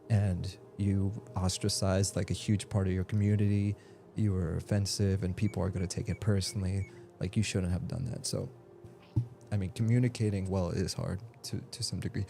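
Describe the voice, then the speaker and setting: A man's voice: sits low, level tone, normal speed, vocal fry, mellow, faint music behind. A man live-streaming a game, chatting casually and rambling as he reads out viewers' messages. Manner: rambling and talkative, reads chat aloud.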